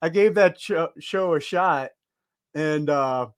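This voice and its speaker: Male podcast host, a touch high, dry close sound, easygoing chat. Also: clean tone, no room sound. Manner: laughs easily, halting restarts. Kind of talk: casual chat.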